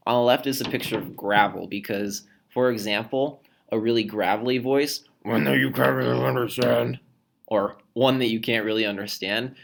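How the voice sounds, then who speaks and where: A man teacher explaining how to read poetry aloud in a recorded lesson, demonstrating points with his own voice. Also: on the low side.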